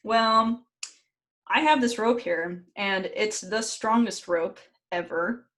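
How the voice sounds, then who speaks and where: A woman voicing a scheming male chief god who talks in a smooth, coaxing way. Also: medium pitch, takes it slowly, fairly bright tone.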